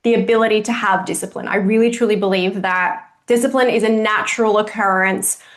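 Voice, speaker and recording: A woman's voice: mid-range voice, brisk. A woman hosting a coaching podcast, chatting casually and telling stories expressively. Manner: expressive, animated storyteller. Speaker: podcast host, kids jiu jitsu coach. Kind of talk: casual conversation.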